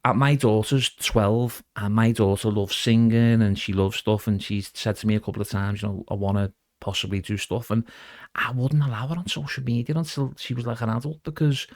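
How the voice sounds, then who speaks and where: A man's voice: mid-range voice, dry recording, studio quality. A middle-aged man chatting as a podcast guest, rambling casually and calling the host "mate". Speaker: guest impressionist.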